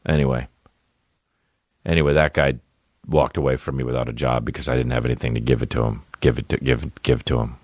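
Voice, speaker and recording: A man's voice: rumbling low, level tone, fairly quick, darkish tone, no echo. A man in his thirties hosting a podcast, telling rambling, profane comic stories and ads in a casual monologue. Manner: profane, rambling storytelling with exaggerated quoted voices. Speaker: podcast host and comedian.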